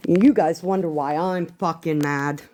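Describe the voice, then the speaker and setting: A woman's voice: deep voice, fairly even intonation, measured pace, warm tone, slight background noise. A woman on a livestream, ranting in a profane and exasperated way about a falling-out. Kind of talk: angry livestream rant.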